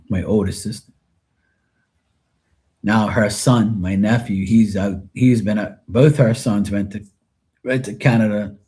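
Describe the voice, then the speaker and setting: Low, mellow Bermudian man chatting. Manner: rambling, chatty, answers viewers loosely. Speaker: live-stream tarot reader. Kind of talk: casual live-stream chat.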